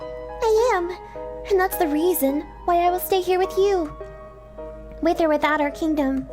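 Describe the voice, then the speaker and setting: Woman doing a calm, firm young girl. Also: very high-pitched, unhurried, over music, voice pushed up. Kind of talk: fan dub of game dialogue.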